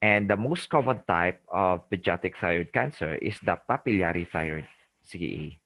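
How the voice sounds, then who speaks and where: A middle-aged man with a Filipino accent delivers a medical lecture in a very low voice. He is didactic, repeating key terms and often checking in with his listeners. The recording is dry and close, with no room sound. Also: expressive, normal speed, fairly bright tone, no echo, rough recording. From Philippines. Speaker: lecturer, ENT surgeon.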